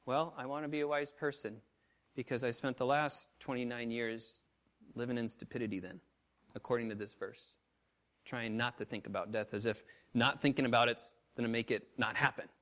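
A missionary pastor preaching a sermon, telling stories with emotion, swinging from loud outbursts to hushed low tones. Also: male voice, steady tone, normal speed.

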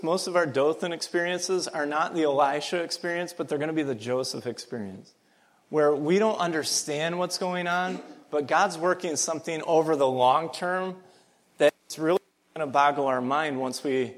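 A man preaching a sermon, telling a story in a relaxed way with chuckles, and building to loud, emphatic passages. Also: a little high, moderate pace. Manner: chuckles between phrases.

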